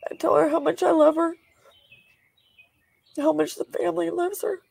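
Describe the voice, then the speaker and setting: An older woman in a news interview, tearful and grieving as she speaks softly. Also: extremely high pitch, flat delivery, normal speed, gravelly, no room sound. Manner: grieving, soft-spoken. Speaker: interviewed grandparent.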